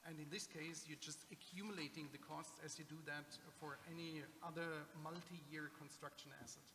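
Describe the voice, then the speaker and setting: A man whose first language is German, answering questions at a conference panel, halting with many fillers and restarts. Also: on the high side, steady tone. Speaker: conference speaker on public-sector accounting. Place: conference hall. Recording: reverberant hall with faint noise.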